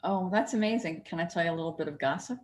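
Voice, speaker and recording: A woman cartoonist and author telling stories as an interview guest, animated and chatty. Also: on the low side, rapid-fire. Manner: animated storyteller, lots of "like". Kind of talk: casual interview chat.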